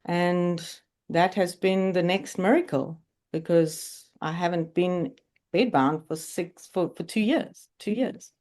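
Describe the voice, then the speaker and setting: A woman's voice: fairly low pitch, slow pace, darkish tone. A woman in her forties, a podcast guest telling her personal story in conversation, candid and earnest. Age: 40s.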